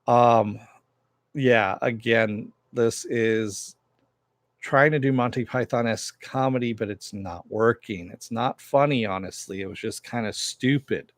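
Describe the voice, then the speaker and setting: A lower-pitched man talks through a TV episode in a loose, rambling recap, leaning on fillers as he goes. His voice sits close to the mic, with a dry, plain sound. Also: steady tone, measured pace, no room sound. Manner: rambling, filler-heavy storytelling. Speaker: TV recap reviewer.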